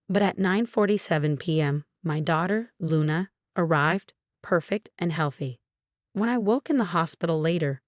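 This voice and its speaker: A woman with a lowish voice tells a dramatic first-person story. The recording is dry and close, with no room sound. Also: no echo. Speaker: narrator.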